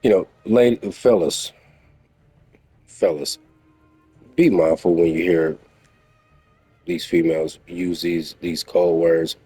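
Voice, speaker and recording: A man's voice: low-pitched, steady tone, slow pace, pauses often, mellow, slightly rough, no room sound, soft background music. A man giving blunt, emphatic reaction commentary in a lecturing tone.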